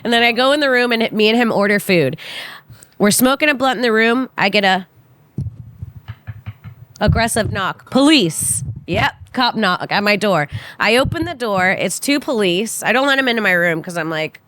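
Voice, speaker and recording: A young woman on a podcast, casually telling a story in an animated way and acting out the quotes with big jumps in pitch. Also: moderate pace. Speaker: podcast guest, comedian.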